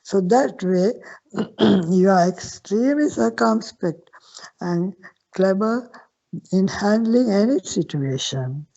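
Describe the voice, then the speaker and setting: An older woman, a Buddhist nun, teaching at a slow, patient pace with repeated questions and frequent restarts. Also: medium pitch, lively intonation, vocal fry, mellow. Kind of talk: Dharma Q&A teaching. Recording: dull lo-fi sound.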